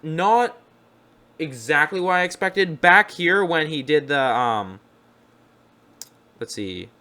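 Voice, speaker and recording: A man's voice: on the high side, animated, slow, bright, forceful tone. A young man giving casual, upbeat reaction commentary as a video host, rambling and correcting himself as he goes.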